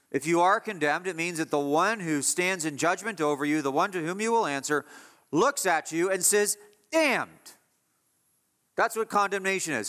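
A man preaching a sermon as pastor, emphatic, moving between hushed passages and raised declarations. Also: medium pitch. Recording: long hall reverb.

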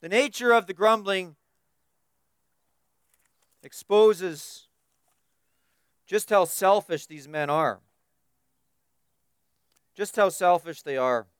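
A man's voice: sits high, slow pace, pauses often, clear, resonant tone, no room sound. Male preacher with a resonant voice, dry close sound, builds emphatic repeated lists. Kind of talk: expository sermon.

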